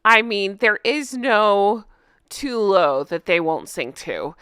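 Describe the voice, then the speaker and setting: A woman hosting a casual commentary chat, chatty and animated, often laughing. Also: medium pitch, slow pace, smooth, dry recording, clean studio sound. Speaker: host.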